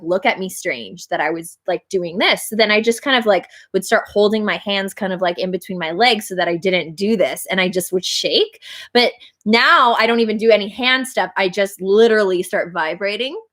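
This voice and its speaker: A bubbly woman singer chats casually on a livestream, laughing often between thoughts. Her talk is loose and rambling, full of filler likes. Her pitch sits in the middle of the range for a woman. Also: a little fast, fairly bright tone. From Canada. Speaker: band singer and livestream co-host.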